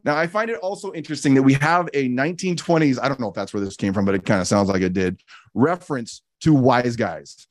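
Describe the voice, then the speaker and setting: A man's voice: mid-range voice, quick pace, no room sound, studio quality. A man giving a reflective teaching talk as a podcast host, earnest and repeating key phrases for emphasis, with casual restarts. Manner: frequent restarts and casual fillers.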